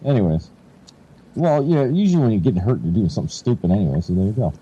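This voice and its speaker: A man's voice: lowish voice, very animated, quick pace, mellow, slightly rough, highs cut off. A man telling a rambling personal story in casual chat, swearing and laughing as he goes. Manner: laid-back rambling storyteller, swears, laughs often, acts out quotes. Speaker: podcast co-host.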